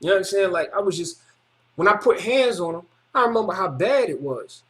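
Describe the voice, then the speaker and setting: Emphatic high-pitched man, casual slang-heavy testimony, repeats himself. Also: lively intonation, fairly quick, a bit bright. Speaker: video testimony speaker.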